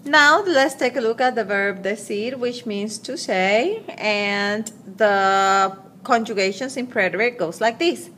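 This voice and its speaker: A woman teaching grammar, slowly reading out verb forms and translating examples. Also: a little high, sharp tone, slight background noise. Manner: slow, deliberate, repeating conjugations aloud. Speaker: Spanish teacher. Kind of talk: slide-based grammar lesson.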